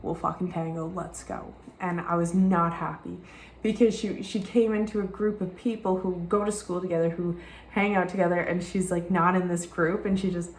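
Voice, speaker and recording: Her voice sits on the low side, steady and at a normal speed, as this young Southern American woman chats openly and rambles through a vlog, cursing without hesitation. The rented white-walled room gives a roomy sound, with slight background noise.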